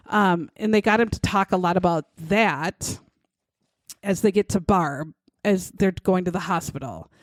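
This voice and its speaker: Woman co-host, mid-pitched, blunt and profane, acts out quotes; dry, close recording. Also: no echo. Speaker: podcast co-host. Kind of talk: casual true-crime chat.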